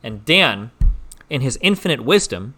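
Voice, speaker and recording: A young man streaming, teasing a visitor and telling a story in an animated, profane way. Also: mid-range voice, a little slow, faint music behind. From Omaha, Nebraska, US. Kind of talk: casual stream chat and storytelling.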